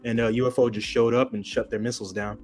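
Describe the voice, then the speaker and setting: A man's voice: mid-range voice, level tone, fast, a little mellow, soft background music. A man who is a guest on a podcast panel, explaining things in a plain, matter-of-fact way. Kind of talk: casual panel chat.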